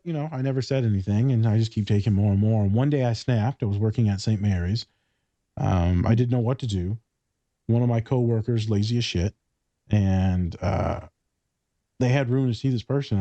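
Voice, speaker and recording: Male podcast host, blunt and profane storyteller, mellow dark voice, slightly lo-fi dry sound. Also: lowish voice, a little fast, dry recording. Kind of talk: casual podcast chat. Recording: slightly dull lo-fi recording.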